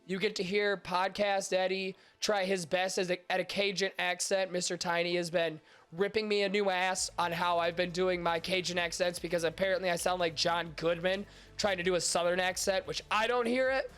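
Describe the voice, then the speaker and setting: A man's voice: sits high, fairly even intonation, moderate pace, a bit bright, smooth, faint music behind. A young man hosting a podcast stream, chatting casually and crudely with his chat, his voice stuffy and nasal from allergies. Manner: crude, joking, self-mocking, swears a lot. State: congested, stuffy nose from allergies.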